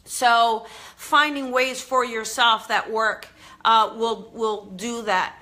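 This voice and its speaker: A woman's voice: fairly high pitch, steady tone, slow, bright, forceful tone. A woman hosting a casual live stream, chatting upbeat with viewers while she walks from her home out to her backyard garden. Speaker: host.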